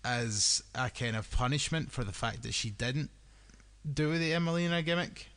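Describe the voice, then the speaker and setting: Blunt, teasing podcast co-host. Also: male voice, medium pitch, animated, moderate pace, a bit bright, clean tone. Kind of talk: casual podcast chat.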